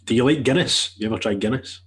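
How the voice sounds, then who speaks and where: Husky Scottish co-host, halting speech. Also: male voice, mid-range voice. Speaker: podcast co-host. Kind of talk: casual chat.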